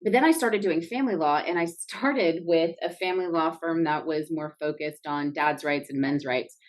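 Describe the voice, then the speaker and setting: A woman's voice: low voice, normal speed. A woman attorney with a Texan accent, telling a story in casual podcast chat and animating the quotes she retells. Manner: storytelling, animated when quoting. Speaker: family law attorney.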